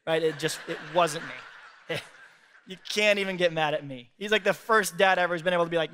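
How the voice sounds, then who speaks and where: A man preaching a sermon, joking and laughing often as he acts out quick little voices. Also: on the high side, sharp tone, slight background noise. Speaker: pastor. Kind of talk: comedic sermon. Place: church stage.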